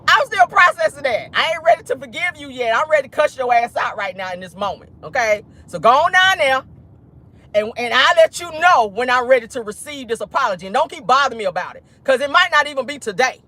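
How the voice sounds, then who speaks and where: Sassy, animated woman talking while driving. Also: high-pitched, a little fast. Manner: animated, sassy, swearing storyteller. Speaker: host. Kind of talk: casual gossip vlog. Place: in a car, driving.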